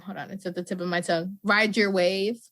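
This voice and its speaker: A woman's voice: mid-range voice, fairly quick, no room sound. A woman hosting a podcast, chatting casually and animatedly with her guest. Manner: chatty, animated, laughs often. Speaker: podcast host. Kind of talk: casual interview chat.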